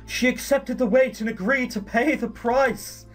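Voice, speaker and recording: A man voicing solemn, ancient fairy beings who speak slowly and grandly. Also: very high-pitched, fairly even intonation, soft background music, voice pushed up. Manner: slow, stately, portentous.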